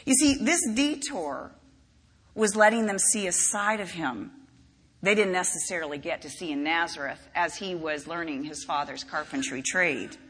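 A woman's voice: lowish voice, normal speed, fairly bright tone, breathy edge. A woman preaching a sermon in a conversational, storytelling way with frequent asides, recorded in a large hall. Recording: reverberant hall.

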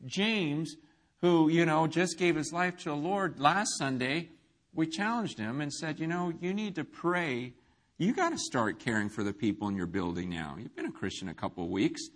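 A middle-aged man preaching a sermon, telling a story with acted-out quotes that swing from hushed to shouting. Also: on the high side, big pitch swings, normal speed. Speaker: pastor.

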